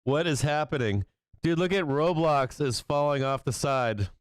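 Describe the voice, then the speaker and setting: A man's voice: a little high, normal speed, clean tone, no room sound. A man hosting a live stock market stream, swearing a lot and reacting with disbelief and frequent laughter. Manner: profane, incredulous, laughing often. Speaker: stock market livestream host.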